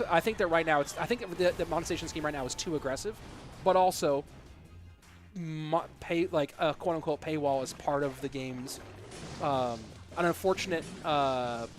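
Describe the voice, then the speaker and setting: A man with a slightly high voice casts a live esports stream, talking loosely and answering chat questions off the cuff. He fills his pauses with ums and uhs, and faint music plays underneath. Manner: casual, answers chat questions with frequent fillers.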